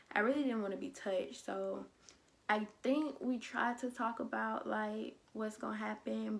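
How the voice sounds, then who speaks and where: Young woman with a gravelly voice. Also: medium pitch. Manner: animated storytelling, acting out quotes of others. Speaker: vlogger. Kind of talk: casual storytime vlog.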